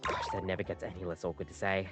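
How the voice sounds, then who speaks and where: A woman's voice: extremely low pitch, flat delivery, fast talker, over loud music. An actress with an Australian accent playing a cheerful, slightly awkward female barista who is really a coffee machine, in a video game. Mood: chirpy. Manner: bubbly, a bit awkward.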